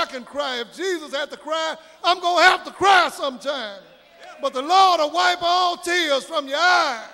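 A man preaching a sermon, swelling into shouted, sing-song preaching cadence, with a gravelly voice. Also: very high-pitched. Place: church sanctuary. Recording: reverberant church hall with faint congregation.

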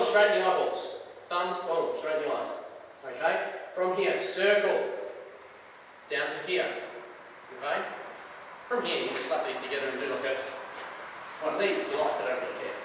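Blunt karate instructor in an echoey hall. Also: male voice. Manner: blunt, punchy, repeats "Okay?" and "boom". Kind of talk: seminar demonstration. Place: indoor dojo hall at a seminar. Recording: echoey hall, voice from far off, noisy.

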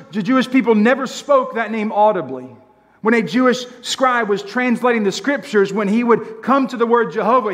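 A man preaching a sermon to a congregation, emphatic and drawing out key phrases, often asking them rhetorical questions. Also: sits high. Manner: emphatic preaching with slow drawn-out lines. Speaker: pastor. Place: church sanctuary. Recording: long church hall reverb.

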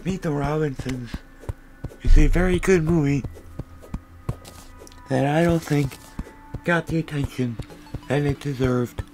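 A young man giving rambling comic gameplay commentary, goofy and full of random tangents with deadpan asides. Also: on the high side, measured pace, pauses often, over music, low-quality recording. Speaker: gaming video creator.

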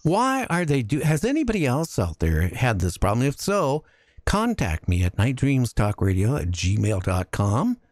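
A man hosting a casual talk radio show, telling jokey stories with lively energy. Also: medium pitch, measured pace, no echo, clean studio sound. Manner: animated storytelling, jokey.

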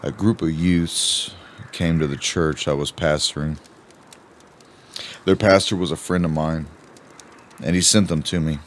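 A man giving a slow, measured first-person audiobook narration. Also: very deep voice, fairly even intonation, a little hiss or hum.

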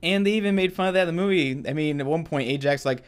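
Male co-host, casual film chat, smooth clear tone, rambling and upbeat. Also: a little high, fast. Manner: rambling, enthusiastic, laughs often. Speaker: co-host reviewer. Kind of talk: casual unscripted movie review chat.

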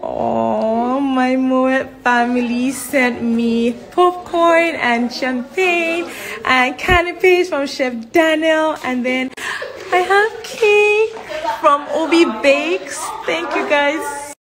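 Bubbly young woman, high voice. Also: very slow, a bit bright. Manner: bubbly and chatty, laughs often. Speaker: actress sharing a film premiere. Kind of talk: casual chat to camera.

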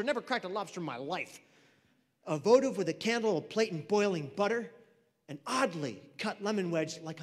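A man telling a comic personal story at a speaking event, acting out voices of the people in it. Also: high voice. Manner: animated, comic, acts out voices of others. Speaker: mental health speaker. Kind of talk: storytelling keynote talk. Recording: reverberant hall.

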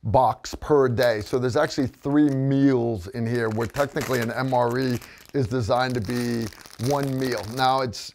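A man's voice: medium pitch, gravelly, darkish tone, a little hiss or hum. An American man hosting a casual review vlog, joking and rambling in a folksy way. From United States. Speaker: host.

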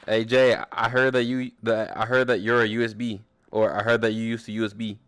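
A man's voice: on the low side, flat delivery, fairly quick, fairly bright tone, clear, resonant tone, no echo. A young man chatting casually while playing a game with friends, joking, swearing and humming little tunes. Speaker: gaming streamer. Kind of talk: casual gameplay chat with friends.

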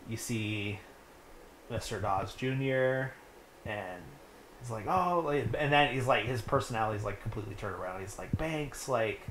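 A young man with a lowish voice recaps a film in a loose, rambling way, leaning on "like" between every thought. He sounds like he's in an echoey room, with a faint hiss underneath. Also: moderate pace, fairly bright tone. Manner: rambling, heavy use of "like". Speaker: podcast host. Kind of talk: casual movie recap.

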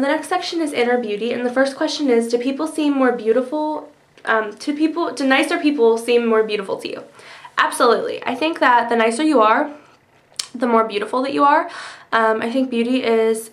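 Chatty young woman with a higher voice. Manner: chatty, frequent ums and likes. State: hiccups. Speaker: vlogger. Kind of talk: casual answers to a tag video.

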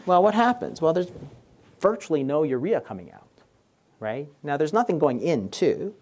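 A man delivers a medical presentation in an animated, rising-and-falling voice. He walks his listeners through the charts step by step and keeps checking that they follow with a habitual "right?". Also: a little high, normal speed. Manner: explanatory, checks in with a constant "right?". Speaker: doctor giving a lecture. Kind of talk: presentation lecture explaining slides.

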